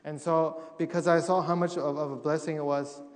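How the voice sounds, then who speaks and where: A man's voice: a little high, flat delivery, fairly quick. Young man telling stories in a church hall. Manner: humorous storytelling, acting out quotes. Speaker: missionary speaker. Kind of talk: testimony talk to a congregation. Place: church sanctuary.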